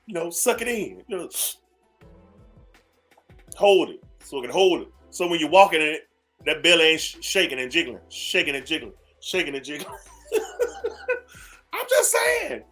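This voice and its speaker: Faint music sits behind a man with a fairly high, bright, forceful voice, animated and at normal speed but pausing often, who hosts a morning radio show. He delivers a sassy, preachy talk radio rant, repeating phrases and calling his listeners "baby."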